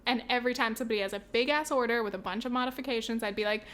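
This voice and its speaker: A woman's voice: a little high, very fast, a bit bright. A woman hosting a podcast in casual chat, swearing often, laughing, and acting out little scenes with sound effects. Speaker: podcast host.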